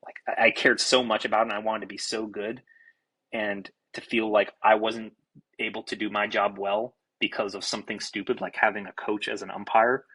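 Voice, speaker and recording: A young man, a baseball pitcher and podcast guest, telling a story in an animated, casual way, swearing freely and restarting his sentences. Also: fairly quick, slightly rough, poor audio. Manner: animated, self-described fiery, swears freely, many restarts.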